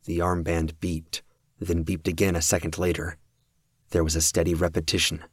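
A man reading a novel aloud as an audiobook narrator, with steady, even storytelling. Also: low-pitched, normal speed, no echo, studio quality.

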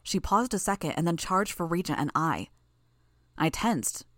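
A woman narrating a first-person audiobook in a steady, even storytelling manner. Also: fairly low pitch, normal speed, no echo, studio quality.

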